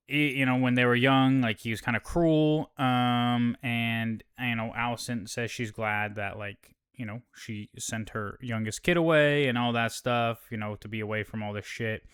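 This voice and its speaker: A man's voice: mid-range voice, fairly bright tone, clear, resonant tone. A man hosting a casual show recap, talking in a laid-back, profane way with lots of fillers.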